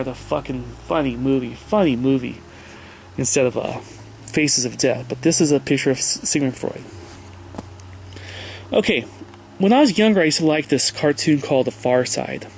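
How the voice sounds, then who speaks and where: A man's voice: medium pitch, gravelly, a little hiss or hum. A man in his forties giving a loose, digressive talk over slides, often checking in with "right?" and "okay?". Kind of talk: casual lecture.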